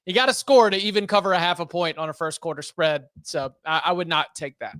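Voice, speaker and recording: A man giving college football betting opinions in a measured way, with hesitant restarts. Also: sits high, fairly bright tone, no echo, studio quality. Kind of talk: casual sports betting chat.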